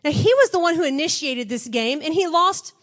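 A woman preacher giving a chatty, conversational sermon, retelling a story with lively acted-out quotes. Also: sits high, brisk.

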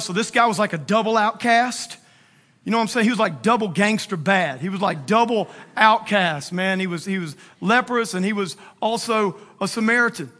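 A man preaching a casual, slangy sermon, retelling a Bible story with animated acted-out quotes. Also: sits high. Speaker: pastor.

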